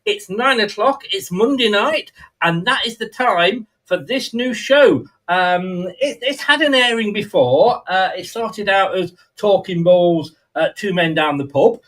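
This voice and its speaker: A man's voice: high voice, lively intonation, a little slow, a bit bright, poor audio. A man hosting a fan channel talk show, joking and rambling with frequent laughs. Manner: jokey, rambling, laughs often. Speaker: podcast host. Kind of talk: casual chat.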